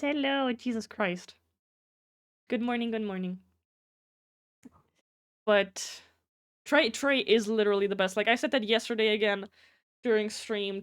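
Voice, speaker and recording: A young woman streaming live, chatting casually with viewers, rambling, swearing freely and greeting people in chat by name. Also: mid-range voice.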